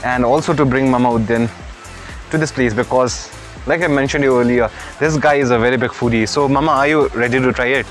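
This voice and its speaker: A man's voice: medium pitch, steady tone, fairly quick, soft background music. A young man vlogging casually in a cafe. He chats easily, tosses in Nepali and Hindi words and keeps saying bro. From Kalimpong, India. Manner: chatty, mixes in Nepali and Hindi words, says bro a lot. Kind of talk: casual vlog talk. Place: cafe, outdoors and inside.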